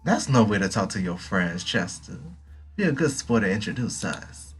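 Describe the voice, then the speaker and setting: A man voicing a smug, pushy young frat guy in a game read-through, with a husky, low voice. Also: big pitch swings, normal speed, faint music behind, full character voice.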